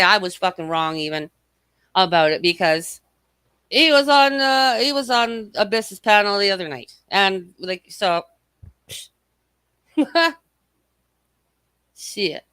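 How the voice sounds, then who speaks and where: A woman's voice: medium pitch, lively intonation, slow pace, long pauses, sharp tone, clean tone, dry recording. Profane, mocking woman livestreamer. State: slightly scratchy throat. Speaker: livestream host. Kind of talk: casual livestream chat reading comments.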